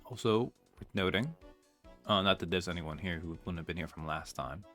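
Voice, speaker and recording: A man's voice: sits low, moderate pace, fairly bright tone, faint music behind. A man giving casual, wry commentary while playing through a game. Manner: chatty, wry asides. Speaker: let's-play streamer.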